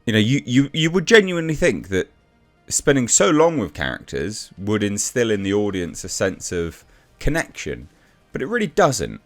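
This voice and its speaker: A man's voice: on the low side, huge pitch swings, moderate pace, few pauses, soft background music. A man giving a blunt, exasperated casual review rant, with frequent restarts and swearing.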